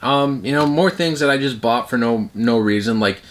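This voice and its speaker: A man's voice: mid-range voice, normal speed, a little hiss or hum. Rambling man in a casual vlog. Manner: rambling, full of fillers and restarts. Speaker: collector reviewing his movie collection. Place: at home.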